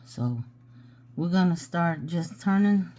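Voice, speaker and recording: A woman's voice: on the low side, lively intonation, slow, dark tone. A woman hosting a hands-on craft tutorial, chatting casually and talking to herself as she works. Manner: chatty, talks to herself while working. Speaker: jewelry-making tutorial host.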